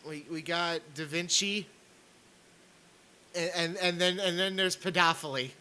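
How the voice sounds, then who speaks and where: A man's voice: high voice, fairly even intonation, a little slow, bright, forceful tone, clear, resonant tone, low-quality recording. A man streaming a sarcastic rant, stammering and repeating words as he comments on clips.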